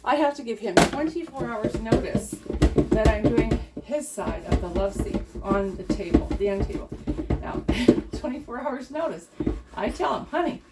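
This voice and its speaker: A middle-aged woman talks through her cleaning in a chatty, encouraging way, breaking into laughter often. Her voice sits a little on the high side. Loud clatter of dishes, pans and running water fills the background. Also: animated, moderate pace, very noisy. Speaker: cleaning vlogger. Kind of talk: casual chat while cleaning. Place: home kitchen at the sink. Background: clattering dishes, pots and running water.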